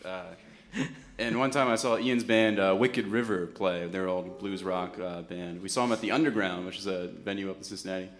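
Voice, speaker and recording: A relaxed young male band member gives casual, rambling answers in an interview. His low voice is peppered with fillers. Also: fairly quick. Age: young adult.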